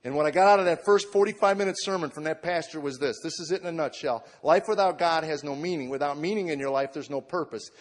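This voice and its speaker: A man's voice: a little high, fast, hardly any pauses. A man in his forties telling a heartfelt personal story to a live audience, acting out what others said to him. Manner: earnest storytelling, acts out quoted voices. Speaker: comedian giving testimony. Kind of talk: spoken testimony to a live audience. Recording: long hall reverb.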